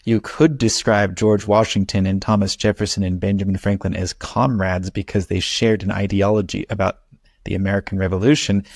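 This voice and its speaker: A man's voice: on the low side, creaky, darkish tone, slightly rough, dry recording. A man teaching English one-on-one at home, explaining patiently with a dry, teasing humor. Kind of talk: one-on-one conversation lesson.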